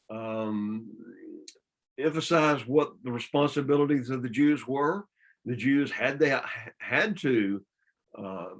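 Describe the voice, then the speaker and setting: A man with a Southern US accent leads a church Bible study, his voice sitting a little higher than most. He explains scripture patiently, often restarting and repeating words as he works through a thought. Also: low-quality recording. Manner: explanatory, with frequent restarts and repetitions.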